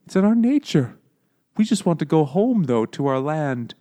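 A man's voice: fairly high pitch, very animated, normal speed, warm tone, voice pushed up. A man voicing a small mischievous gnome who pleads earnestly. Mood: pleading.

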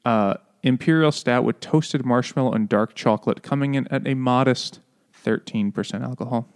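A man's voice: mid-range voice, moderate pace, clean tone. A man co-hosting a podcast in casual chat, rambling and joking with lots of fillers and frequent laughs. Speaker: podcast co-host.

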